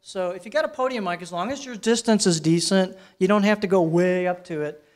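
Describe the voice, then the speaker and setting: A man presenting a live workshop on using microphones, talking in a relaxed, conversational way and asking his audience questions while he switches between handheld and headset mics. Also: high voice, a little fast. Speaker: presenter teaching microphone technique. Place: presentation room with a sound system. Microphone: handheld and headset microphones, switched during demo.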